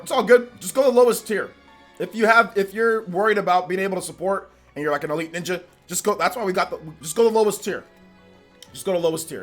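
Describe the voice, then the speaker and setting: A man hosting a livestream, chatting casually with viewers and teasing them in mock anger. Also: a little high. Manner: playful mock-angry teasing of chat. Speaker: livestream host.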